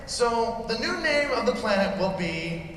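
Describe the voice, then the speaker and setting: This stand-up comedian has a very high, sing-song voice with a fairly bright tone, and he takes his time. He delivers a crude, ranting routine in a mock-pompous style from a big convention hall stage, captured distantly in an echoey space where the crowd laughs and cheers.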